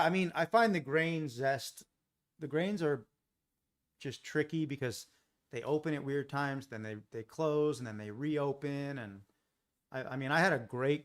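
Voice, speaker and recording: Brief: middle-aged American man, loose live-stream host, mid-range voice, talks to chat while watching charts. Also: mid-range voice. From Los Angeles, USA. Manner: chatty, thinks aloud, talks to chat viewers. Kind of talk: casual live-stream commentary.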